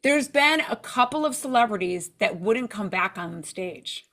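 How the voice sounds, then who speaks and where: A woman guest in a casual interview, telling lively stories and acting out what people said. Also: medium pitch, a little slow, creaky. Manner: animated storyteller, acts out quoted lines. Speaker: TV show judge, interview guest.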